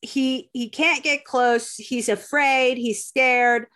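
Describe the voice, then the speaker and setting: A woman's voice: sits high, fairly even intonation, slow pace, fairly bright tone. A woman hosting a podcast, telling a story in casual chat, rambling with lots of fillers and restarts. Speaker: podcast host.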